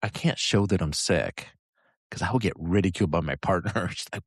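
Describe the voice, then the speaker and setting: A man's voice: low-pitched, brisk, breathy edge, dry recording, studio quality. A man who is a guest on a podcast, talking casually in a rambling way, laughing often. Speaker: guest, habit coach. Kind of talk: casual conversation.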